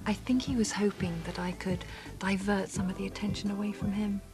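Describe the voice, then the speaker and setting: An actress as a calm, persuasive woman. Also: mid-range voice, a little fast, over music, natural voice. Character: cool, poised woman and new lover. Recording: TV score behind the speech.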